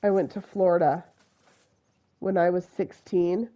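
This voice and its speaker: A woman's voice: on the low side, fairly even intonation, a little slow, dark tone, muffled recording. A woman from Utah with a Utah accent, chatting through live gameplay commentary and talking to the animals on screen. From Utah, USA. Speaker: game streamer.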